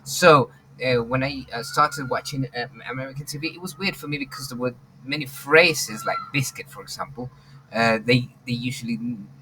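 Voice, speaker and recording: A male English teacher on an online call, speaking at a middle pitch with lots of "uh"s and restarts as he calls on students. A faint hiss sits behind his voice. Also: moderate pace. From England. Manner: hesitant, many fillers and restarts. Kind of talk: online class discussion. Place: home, online video call. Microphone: computer mic on video call.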